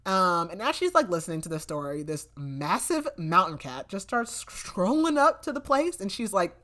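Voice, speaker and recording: A woman's voice: medium pitch, sing-song, normal speed, a bit bright. A young woman on a podcast, casually recapping a novel's plot in a rambling way with lots of fillers and quoted dialogue. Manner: chatty, filler-heavy retelling with quoted lines. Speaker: podcast co-host. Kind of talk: casual book recap chat.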